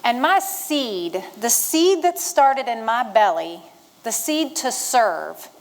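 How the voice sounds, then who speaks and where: A middle-aged woman tells stories from the stage in a somewhat high voice. She is folksy and humorous, and she draws her listeners in like a retired Marine speaking to a room of fellow veterans. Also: big pitch swings, slow pace, poor audio. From western Virginia, Shenandoah Valley. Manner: folksy and humorous, rallying the audience. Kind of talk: storytelling speech to an audience.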